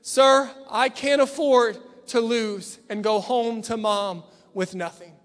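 A man's voice: very high-pitched, steady tone, takes it slowly, fairly bright tone, heavily acted. A man preacher voicing a poor young boy who politely refuses to give in, in an earnest, pleading way. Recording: long church reverb with faint piano.

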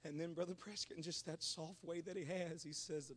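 A man's voice: on the high side, steady tone, a little fast, few pauses, a bit bright, big-room sound. A man preaching a Pentecostal revival sermon, telling stories and calling on the congregation to respond. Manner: storytelling preacher, calls on the congregation.

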